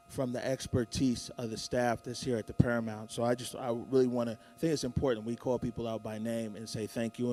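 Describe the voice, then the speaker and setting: Brief: man host, mid-pitched, loose and casual, revs up the room on a theater stage. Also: darkish tone, a little hiss or hum. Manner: casual, hyping, lists names. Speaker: morning show host. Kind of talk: live morning show talk.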